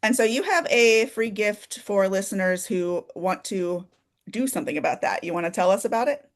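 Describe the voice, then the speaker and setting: A woman hosting a podcast interview, calm and affirming as she steers the chat. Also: medium pitch, moderate pace. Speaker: podcast host.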